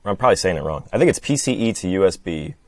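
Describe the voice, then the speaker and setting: A man's voice: sits low, expressive, rapid-fire, dry recording, studio quality. A man chatting as a podcast guest, hesitant and self-deprecating with his explanations. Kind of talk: casual chat.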